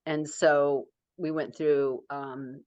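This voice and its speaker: A woman's voice: low-pitched, steady tone, drawn-out words, a little mellow, no room sound, highs cut off. A middle-aged woman author talking casually in an interview, rambling with many fillers and restarts.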